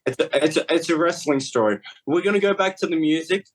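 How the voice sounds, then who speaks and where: A man's voice: on the high side, fairly quick, low-quality recording. Storytelling male wrestler on a podcast. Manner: storyteller who trails off and restarts. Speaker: guest wrestler. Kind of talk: casual podcast chat.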